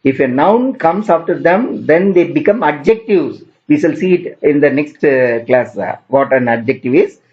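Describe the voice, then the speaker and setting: Male English teacher, high animated voice, patient and repetitive delivery, dull lo-fi sound. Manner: explains slowly, repeating terms, with examples. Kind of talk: grammar lesson.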